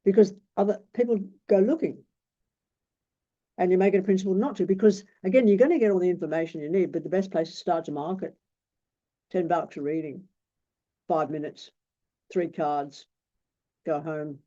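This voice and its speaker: A man's voice: sits high, moderate pace, long pauses, dark tone. A man, teaching tarot in a blunt, rambling way and swearing freely. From Australia. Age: 60s. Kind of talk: casual teaching talk. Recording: dull lo-fi recording.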